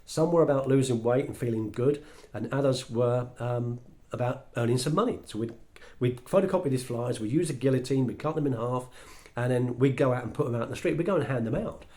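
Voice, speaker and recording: Man, English accent, storytelling monologue, animated, mid-pitched voice. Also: fairly quick. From England. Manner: animated, acts out quoted dialogue. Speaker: speaker sharing his story.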